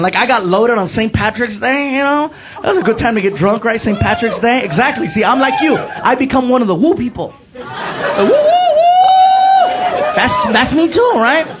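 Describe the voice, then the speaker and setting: A man performing a stand-up comedy routine, loud and animated, shouting punchlines and laughing along. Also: high-pitched. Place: comedy club stage with laughing audience. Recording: live show with crowd noise. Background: audience laughter.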